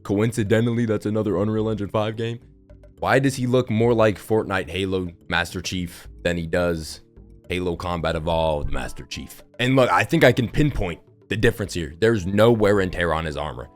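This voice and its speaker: A man's voice: low-pitched, normal speed, soft background music. A young man giving casual, sarcastic spoken commentary, who swears freely while riffing on his opinions. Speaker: gaming video creator.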